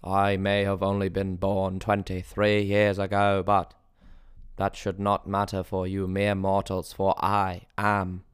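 A self-proclaimed young prophet booms down at the mere mortals, as a man acts him out, stretching each word slowly in a deep, pompous voice. The sound is close and dry. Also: monotone, clean tone, dry recording. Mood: grandiose. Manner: slow, booming, pompous proclamations.

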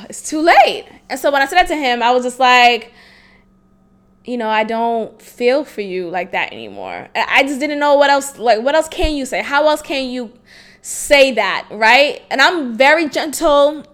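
A woman's voice: high voice, normal speed, a bit bright. A woman in her late twenties, a teacher, hosting a podcast alone and telling a personal story in a frank, casual way, swearing freely and often laughing. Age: 20s. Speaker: podcast host. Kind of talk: candid solo podcast storytelling.

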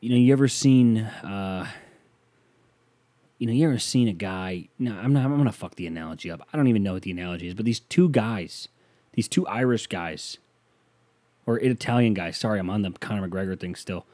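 A man's voice: on the low side, fairly quick, warm tone, dry recording. A man from the United States hosting a podcast, talking in a rambling, sarcastic monologue into a close mic. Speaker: podcast host.

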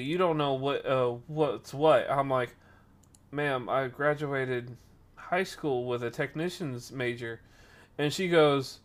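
A young man casually telling a workplace story on a stream, acting out the people in it and getting loud at times. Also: medium pitch, moderate pace. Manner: animated, acts out quoted voices, rises to loud outbursts.

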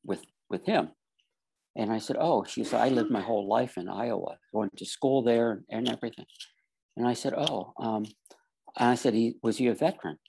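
A man's voice: fairly low pitch, gravelly, a little mellow, breathy edge. A man earnestly telling a personal story in casual talk, acting out the other people's lines as he goes. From Florida. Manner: earnest storyteller, acts out quoted dialogue.

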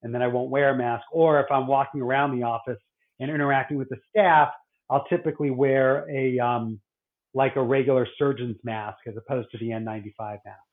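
A man's voice: medium pitch, fairly even intonation, brisk, narrow, tinny audio. A middle-aged man, a doctor, chatting casually and rambling, with many restarts and fillers. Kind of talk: casual podcast chat.

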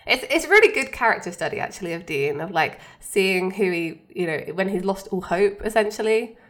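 A woman's voice: medium pitch, expressive, a little fast, a bit bright. A woman co-hosting a podcast, recapping a TV episode in a chatty, casual way with lots of fillers. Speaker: podcast co-host.

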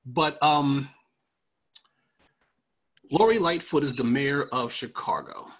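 Husky-voiced man riffing on politics. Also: mid-range voice, slow. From New York. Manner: joking, laughs often, rambling asides. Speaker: podcast host. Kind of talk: casual political commentary.

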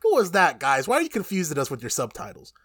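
A man with a slightly raised voice leads a casual anime recap podcast. He talks in an animated, profane way and laughs often. The sound is dry and close, with no room echo. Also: a little high, quick pace.

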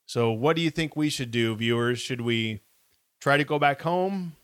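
Guy reading a kids adventure book out loud on a live stream, middle pitch, dry sound. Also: moderate pace, clean tone, no echo. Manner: reads story passages aloud, quiet asides to viewers. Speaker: co-host reading aloud. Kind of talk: casual live-stream read-along.

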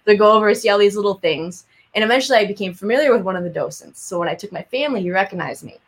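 A woman's voice: mid-range voice, lively intonation, rapid-fire, a little hiss or hum. A young woman, an artist guest in a casual interview, telling stories with self-deprecating humor and frequent laughter. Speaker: muralist guest.

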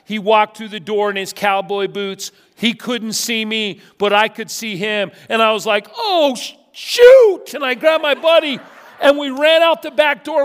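A man with a notably high voice delivers a lively sermon in a church sanctuary. He tells stories with humor and swings from near-shouts to quiet, pointed remarks. His voice rings out with the long reverb of a big hall. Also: clear, resonant tone. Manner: animated storytelling with humor, swinging from loud to hushed. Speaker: pastor.

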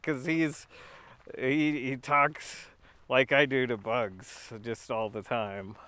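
A man's voice: medium pitch, fairly even intonation, takes it slowly, sharp tone, smooth, dry recording. A young man rambling in a casual monologue, with a goofy, slightly throaty voice, laughing often and restarting his sentences. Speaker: video creator.

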